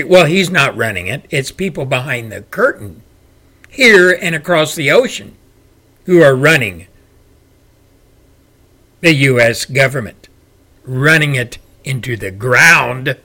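A man hosting his own show, delivering a loud, forceful political rant. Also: medium pitch, animated, slow pace, pauses often. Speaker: show host. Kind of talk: political commentary monologue.

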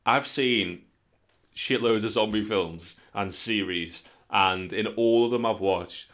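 A man's voice: fairly low pitch, takes it slowly. A man, co-hosting a podcast in casual, sweary banter. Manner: sweary, animated storytelling. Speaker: podcast co-host.

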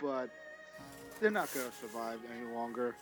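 Ranting young man, lively voice. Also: mid-range voice, moderate pace, soft background music. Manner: ranting, joking, crude. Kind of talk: casual chat.

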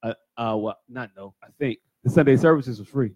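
A man's voice: medium pitch, fairly quick, darkish tone, dry recording. A man co-hosting a casual podcast chat, laid-back and repeatedly cutting in with "hey, look". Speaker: podcast co-host.

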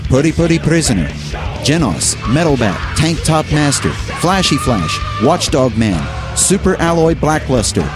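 A man co-hosting a show, reading anime episode summaries and joking with his co-host in a playful, animated way. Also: fairly high pitch, over music. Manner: animated, playful, quick to laugh. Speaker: podcast co-host. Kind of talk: anime news roundup and casual banter.

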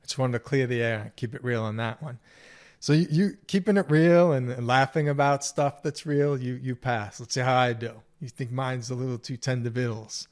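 A man's voice: medium pitch, moderate pace. A man co-hosting a podcast, telling stories in a rambling, casual way and laughing often. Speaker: podcast co-host. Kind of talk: casual chat.

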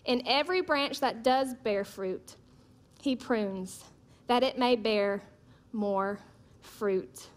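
A woman preaches a sermon, with emphatic repeated declarations and humorous storytelling. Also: high voice.

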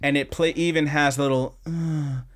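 Male podcast co-host, casual, animated recapper who swears and does silly voices. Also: normal speed. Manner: animated storytelling, jumps into squeaky high voices for characters, swears freely.

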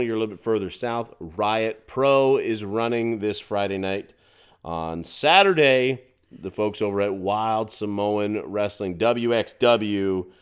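A man's voice: lowish voice, clean tone. A man co-hosting a podcast, chatting casually about local events and tending to ramble and restart his sentences. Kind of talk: casual chat.

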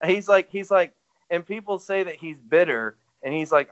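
A man's voice: sits high, a little slow. A man co-hosting a casual wrestling podcast, rambling, swearing and laughing as he retells what others said. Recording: dull lo-fi audio.

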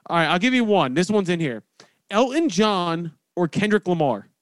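High-voiced American man hosting. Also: sing-song, moderate pace, no echo. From United States. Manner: laughing, joking, crude. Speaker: podcast host. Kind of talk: casual chat.

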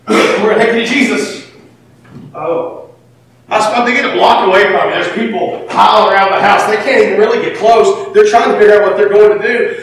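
High-voiced man preaching in an echoey hall. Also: a little hiss or hum. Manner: animated, swings between shouting and near-whispering. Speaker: pastor. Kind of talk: sermon. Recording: echoey hall from far off, faint ambience.

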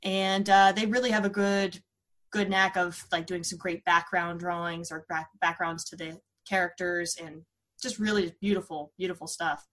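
A woman's voice: on the low side, flat delivery, normal speed, a bit bright. Chatty woman hosting a podcast. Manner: chatty, rambling with many fillers. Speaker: podcast host. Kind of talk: casual chat.

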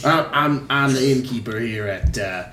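Man doing a halting tavern innkeeper. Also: medium pitch, pitched below the performer's own voice, close to an everyday voice. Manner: hesitant, full of ums and restarts. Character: innkeeper man with a put-on accent. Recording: echoey room, faint noise.

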